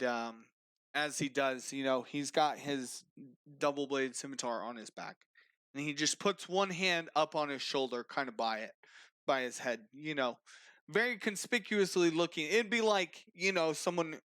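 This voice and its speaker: A man narrating as game master of a tabletop game, with many fillers and frequent throat clearing. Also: fairly high pitch, a little slow, a bit bright, no room sound.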